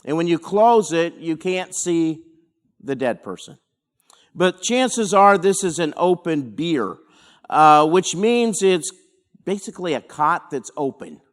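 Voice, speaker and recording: Male pastor, Bible study teaching, slow, pausing for effect. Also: fairly high pitch, lively intonation. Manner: unhurried, explanatory, with dramatic pauses.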